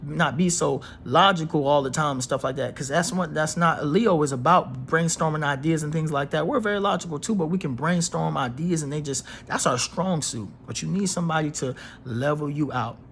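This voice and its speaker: A man's voice: on the high side, fairly quick, creaky, hardly any pauses, fairly bright tone, a little hiss or hum. A man giving a casual astrology reading to his viewers in an emphatic, preachy way. He repeats phrases and uses slang. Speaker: astrology reader.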